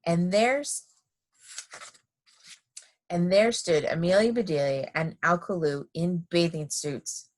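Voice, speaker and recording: A woman reading a children's picture book aloud in an expressive, lively manner. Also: lowish voice, slow pace, pauses often. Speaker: storybook reader.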